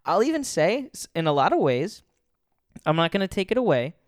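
A man's voice: sits high, very animated, fairly quick, dry recording, studio quality. A man giving a casual faith talk. He chuckles often and rambles, restarting his sentences.

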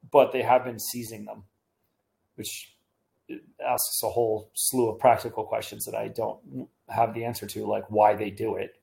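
Hesitant lawyer thinking aloud. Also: male voice, lowish voice, creaky, dark tone. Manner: thinking aloud, frequent restarts and hedges. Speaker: criminal defense lawyer. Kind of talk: casual podcast Q&A.

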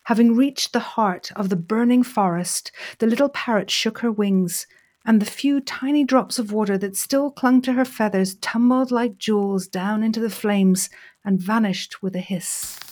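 Expressive woman telling a folk tale. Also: medium pitch, moderate pace. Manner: expressive, dramatic. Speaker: storyteller, story coach. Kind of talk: storytelling narration.

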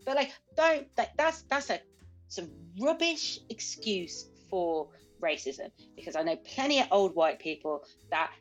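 A woman's voice: mid-range voice, unhurried, soft background music, rough recording. A young woman with a Birmingham accent chatting casually as a podcast co-host, telling stories and acting out quotes. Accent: Birmingham English. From England. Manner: animated, laughs often, acts out quotes. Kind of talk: casual chat.

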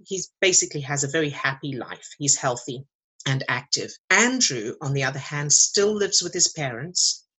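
A woman's voice: low-pitched, lively intonation, normal speed, sharp tone, slightly rough, poor audio. A woman, a mindset coach, explaining her ideas through a step-by-step story in a podcast interview. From outside America, British English usage.

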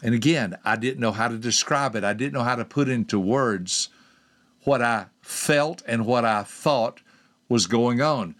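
An older man hosting a podcast, telling a personal story to listeners and asking them direct questions. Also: unhurried. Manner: lively storyteller, acts out quoted voices with big pitch jumps. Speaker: podcast host and personality teacher.

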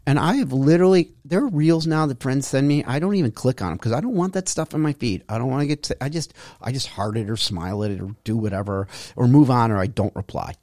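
A man's voice: medium pitch, animated, fast, few pauses, darkish tone, dry recording, clean studio sound. A middle-aged man hosting a solo podcast, talking in an emphatic, frustrated, preachy way about habits and self-improvement. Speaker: podcast host. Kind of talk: solo motivational monologue.

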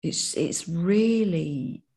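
British woman, recovery coach, low husky voice, heartfelt casual chat. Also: animated, very slow. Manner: warm, heartfelt, emotional. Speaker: podcast co-host, recovery coach.

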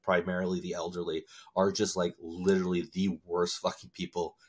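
A man's voice: low-pitched, level tone, a little fast, breathy edge. A man co-hosting a casual podcast, blunt and profane, laughing often as he talks. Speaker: podcast co-host.

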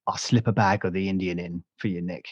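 A man voicing a sly male coffee seller who talks like a shady dealer, slow and knowing, in a dull lo-fi recording. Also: sits low, fairly even intonation, darkish tone, slightly rough, dry recording, pitched below the performer's own voice.

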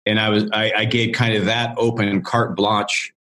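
A man with a somewhat low voice speaks as a guest coach in an interview. He tells his story casually, wandering and restarting often in a friendly, talkative way. The delivery stays loose and conversational. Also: little pitch movement, moderate pace, pushed and bright. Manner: rambling, chatty, with many restarts and "you know".

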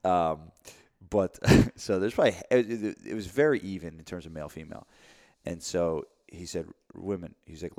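Deep-voiced man telling a rambling story. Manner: rambling, halting restarts, animated storytelling. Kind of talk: casual chat.

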